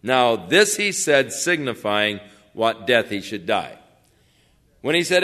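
A man preaching a sermon, reading scripture quietly and building to emphatic points. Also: medium pitch, big pitch swings, measured pace. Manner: quotes scripture softly, then rises in emphasis. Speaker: pastor.

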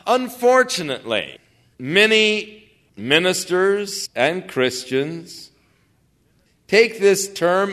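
A man preaching a sermon, reading scripture quietly and building to emphatic points. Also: high-pitched, big pitch swings, extremely slow. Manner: quotes scripture softly, then rises in emphasis. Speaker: pastor.

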